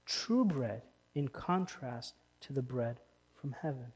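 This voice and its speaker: A man's voice: medium pitch, lively intonation, slow pace. Emphatic pastor preaching a sermon, man. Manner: emphatic, rising to loud stresses. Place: church.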